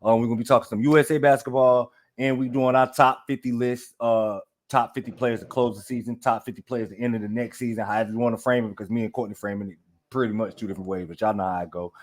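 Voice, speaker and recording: Male podcast host, mid-pitched, easygoing and rambling, addresses listeners directly. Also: fairly even intonation, fast. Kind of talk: casual podcast chat.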